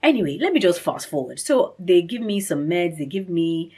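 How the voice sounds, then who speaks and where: Husky-voiced woman telling a story. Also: moderate pace. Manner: animated, acts out reported speech with big pitch jumps; chatty, rambling, many fillers and restarts. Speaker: vlogger. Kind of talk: casual personal storytelling.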